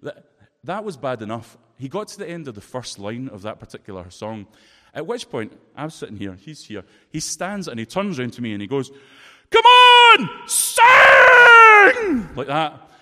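Scottish preacher in an echoing hall. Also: male voice, medium pitch, brisk, a little hiss or hum. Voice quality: lively, expressive storytelling. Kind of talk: sermon with personal anecdote. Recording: long reverb of a large hall.

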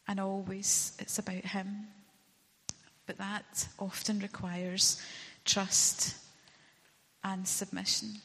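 A woman's voice: mid-range voice, flat delivery, takes it slowly, pauses often, a bit bright, husky. A woman preaching a sermon and reading a story aloud, earnest and sometimes dropping to a near whisper for emphasis. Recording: long reverb of a large hall.

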